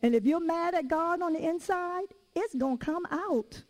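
A woman with a high voice delivers a sermon, weaving personal stories into it. Her talk is lively and conversational, full of casual everyday phrasing. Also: normal speed, low-quality recording. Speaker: preacher.

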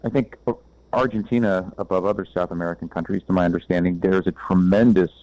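A man's voice: deep voice, steady tone, quick pace, darkish tone, dry recording, dull audio. A man in casual film chat, giving blunt, opinionated takes.

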